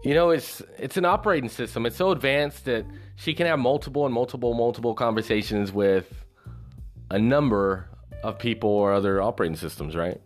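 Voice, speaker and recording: A man's voice: mid-range voice, a little fast, faint music behind. A man talking casually about a movie in a rambling monologue, swearing freely and filling gaps with "you know" and "like". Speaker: movie reviewer.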